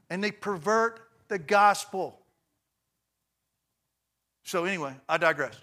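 Man, show host, excitable preaching commentary, bright forceful voice. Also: high-pitched, slow pace, pauses often. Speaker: host of a faith talk show.

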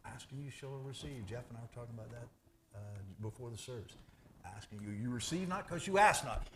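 A man preaching a sermon as pastor, animated and conversational, jumping from loud bursts to hushed asides. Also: on the high side, a little fast.

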